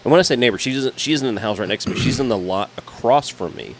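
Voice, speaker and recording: Profane, animated storyteller man. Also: medium pitch, quick pace, vocal fry, a little hiss or hum. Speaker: podcast co-host. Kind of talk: casual storytelling chat. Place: garage.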